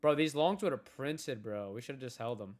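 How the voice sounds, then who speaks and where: A man's voice: mid-range voice, expressive, a little fast. A young man chatting casually on his livestream, telling loose stories full of slang and swearing, calling everyone bro. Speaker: day-trading livestreamer.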